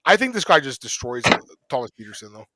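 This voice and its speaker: A man's voice: mid-range voice, sing-song, fast talker, pushed and bright, no echo. A man hosting a podcast, chatting casually about fight picks with lots of laughter and rambling banter. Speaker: podcast host. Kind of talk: casual sports betting chat.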